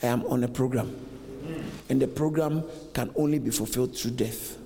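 A man's voice: medium pitch, steady tone, moderate pace, vocal fry, crowd noise. A man preaching a sermon as a pastor, acting out dialogue with animation. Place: church hall. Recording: long reverb in a large hall.

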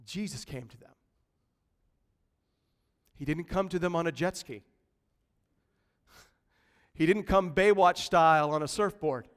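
A man preaching a lively, conversational sermon in a church, swinging from quiet asides to loud bursts. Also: fairly high pitch, measured pace, pauses often, smooth. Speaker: pastor. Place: church sanctuary. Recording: long reverb of a large hall.

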